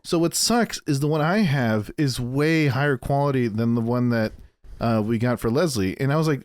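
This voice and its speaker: A man's voice: medium pitch, expressive, moderate pace, a little mellow, no echo. A man co-hosting a podcast in casual chat, rambling with lots of restarts and fillers and swearing freely. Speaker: podcast co-host.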